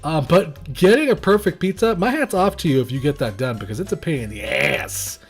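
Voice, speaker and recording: A young man rambles through a game review in a loose, conversational way, full of fillers and restarts. His pitch sits a little high and swings widely as he talks, with faint music underneath. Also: lively intonation, fairly quick, vocal fry, slightly rough. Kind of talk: casual gameplay commentary.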